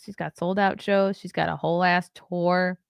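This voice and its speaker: A tired woman hosting a morning chat show, talking in a loose, rambling way and reacting to viewer comments. Her voice sits a bit low for a woman, and it is recorded dry and close. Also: steady tone, moderate pace, gravelly, smooth, no room sound. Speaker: podcast host.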